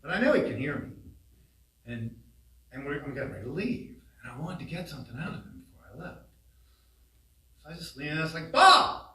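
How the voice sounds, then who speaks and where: A man telling humorous family stories in a eulogy at a funeral home, animated and laughing along, recorded from a distance. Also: on the high side, fast talker, long pauses. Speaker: son giving a eulogy. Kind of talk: humorous memorial storytelling. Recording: roomy, distant hall sound.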